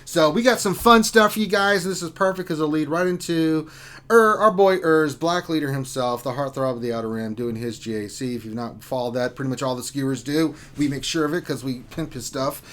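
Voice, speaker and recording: A man's voice: on the high side, fairly quick, fairly bright tone. A man hosting a gaming live stream, casual chat delivered in loose, rambling bursts.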